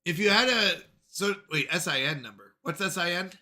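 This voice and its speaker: An American man chats casually on a gaming livestream, drifting from topic to topic as he replies to viewers. His voice sits high and sounds bright and forceful. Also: expressive, moderate pace. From United States. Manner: rambling, answers chat questions aloud. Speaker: streamer.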